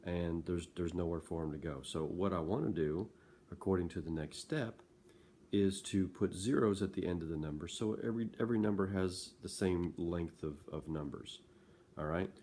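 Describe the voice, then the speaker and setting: A man's voice: deep voice, moderate pace, mellow, a little hiss or hum. A male math teacher talking students through a lesson in a casual, conversational way, often checking in with "okay?".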